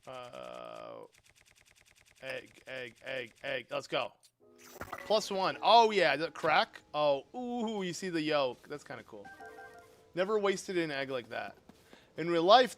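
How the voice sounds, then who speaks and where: A man streaming a game live, chatting casually with his viewers in an excitable, talkative way and laughing often. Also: medium pitch.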